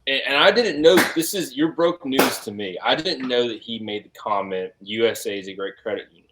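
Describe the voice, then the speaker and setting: A man's voice: mid-range voice, fairly quick, very noisy. A man co-hosting a podcast in casual chat, reading aloud and making emphatic points. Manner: animated, reads aloud, emphatic. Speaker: podcast co-host.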